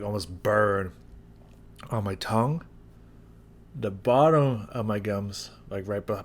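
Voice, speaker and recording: A man vlogging a hot sauce tasting to his viewers, talking casually and haltingly as he describes the burn. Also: fairly low pitch. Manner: talks through the burn, halting and drawn out. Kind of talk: casual chat to camera. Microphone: new studio mic.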